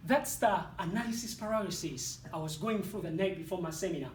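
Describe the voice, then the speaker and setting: Slow, lively African-accented man speaking in a hall. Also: fairly high pitch, slight background noise. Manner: dramatic, deliberate delivery with punchy pauses. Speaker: motivational speaker. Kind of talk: competition speech to an audience. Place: speaking hall with live audience. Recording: echoey hall, voice from far off.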